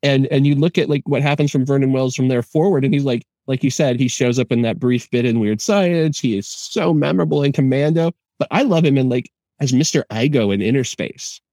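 Mellow-voiced man talking films. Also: medium pitch, fairly quick, hardly any pauses, no room sound. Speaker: podcast co-host. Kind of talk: casual film discussion.

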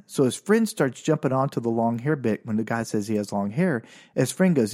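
A man's voice: mid-range voice, lively intonation, moderate pace, darkish tone. Rambling, self-mocking male comic storyteller. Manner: rambling, self-deprecating, many restarts. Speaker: podcast host. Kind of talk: casual comedic monologue.

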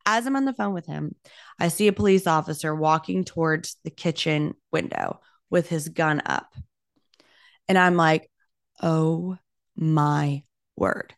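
A young woman, a realtor hosting her own podcast, telling a story in an animated, casual way and saying "like" a lot. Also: low voice, normal speed, gravelly, dry recording, studio quality. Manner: animated, talks with her hands, heavy use of "like".

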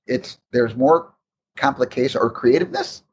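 A man recounts behind-the-scenes stories in a loose, rambling way, restarting sentences as he goes. His voice sits at an ordinary middle pitch, with a faint background hum behind him. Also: moderate pace. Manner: rambling, restarts often, animated anecdotes. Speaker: guest recalling game development. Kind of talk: casual interview storytelling.

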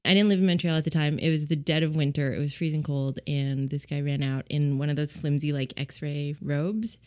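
Voice quickly telling an anecdote. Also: mid-range voice, fairly even intonation, darkish tone. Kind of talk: casual chat.

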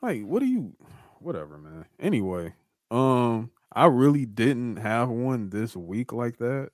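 A man's voice: mid-range voice, sing-song, measured pace, no room sound, clean studio sound. A man co-hosting a podcast, ranting in casual chat, swearing heavily and repeating himself. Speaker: podcast co-host.

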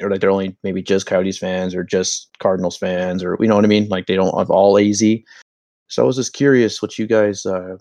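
A young man with a low, gravelly voice hosts a casual podcast, recorded close and dry. He talks in an animated, joking way and drifts into rambling stories. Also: no echo. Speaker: podcast host. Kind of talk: casual hockey podcast banter.

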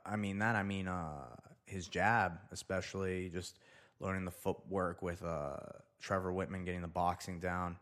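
A man's voice: low voice, flat delivery, moderate pace, a bit bright. A young man hosting a casual solo show, rambling loosely and talking to himself as he reads through items. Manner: loose, rambling, talks to himself while reading. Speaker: podcast host.

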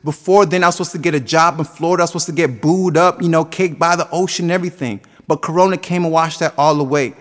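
A man's voice: fairly high pitch, fairly even intonation, fast talker, few pauses, in a large hall. A man in his twenties preaching a sermon with a passionate, sing-song cadence that rises and falls. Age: 20s.

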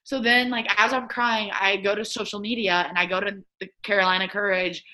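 A woman in her twenties, a guest, telling a story casually and in an animated way, acting out quotes. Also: brisk. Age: 20s. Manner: animated, acts out quotes in a higher voice. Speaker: guest, drafted athlete.

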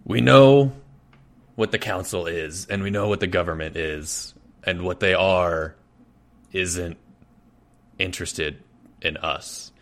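Male player, very low voice, earnest and animated in debate. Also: takes it slowly. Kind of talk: playing a tabletop game in character.

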